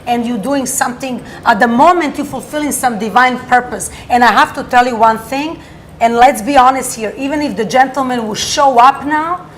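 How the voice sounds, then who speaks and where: A woman's voice: high voice, normal speed, slight background noise. Woman astrologer giving rambling advice. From from Toronto area. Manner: rambling, earnest advice-giving with broken grammar. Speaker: astrologer guest. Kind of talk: casual talk show chat.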